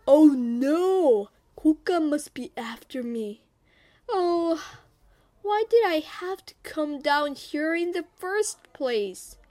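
A woman's voice: on the high side, takes it slowly, darkish tone. A woman doing a scared storybook tiger. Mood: panicked. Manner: anxious, pleading. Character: frightened male tiger, boastful then cowering.

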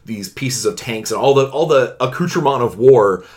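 A man co-hosting a casual film review chat, animated and opinionated, swearing freely and restarting sentences. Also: medium pitch, normal speed. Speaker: podcast co-host.

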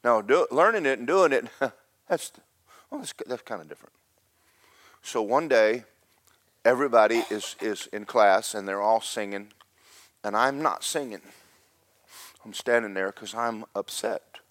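Middle-aged pastor, lowish voice, dry sound, animated storyteller who shouts then hushes. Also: male voice, unhurried, pauses often, no echo. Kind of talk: sermon.

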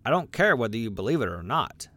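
A man's voice: mid-range voice, big pitch swings, quick pace, fairly bright tone. A man voicing a mischievous male jay bird in a storybook reading, taunting and smug.

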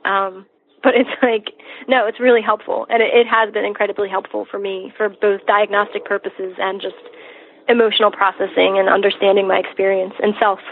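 A woman guest in a casual conversation, talking chattily with many fillers and a husky voice. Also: mid-range voice, flat delivery, brisk, a little hiss or hum. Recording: tinny phone line, dry.

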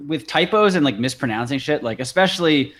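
A man's voice: a little high, expressive, a little fast, fairly bright tone. Laid-back Canadian podcast guy. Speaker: podcast co-host. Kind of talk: casual chat.

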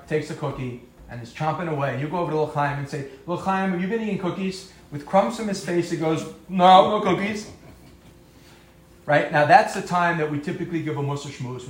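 A man with a slightly raised pitch speaks casually to an audience, acting out short quoted voices and joking at his own expense. His voice carries an echo from the room. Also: quick pace. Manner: conversational, acts out quoted voices, self-deprecating humor. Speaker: speaker giving a talk on marriage and parenting. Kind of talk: live talk to an audience. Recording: echoey room.

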